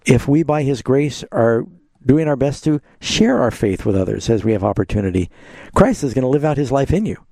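In a mellow, mid-range voice with no echo, a man runs a live call-in radio program on Bible questions. He's pastoral, guiding callers with simple leading questions.

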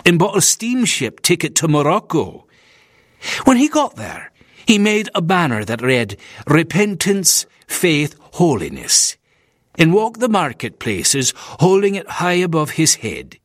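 A man's voice: fairly high pitch, wildly swooping pitch, unhurried, no echo, clean studio sound, voice pushed up, exaggerated voice. A man voicing a nervous, disapproving Scottish minister who complains in a stiff, scornful way.

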